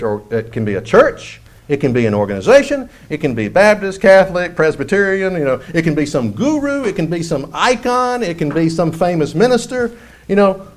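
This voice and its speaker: A man preaching a sermon in a high voice that leaps up and down through each phrase. He is animated and slips into mocking impressions of churchgoers.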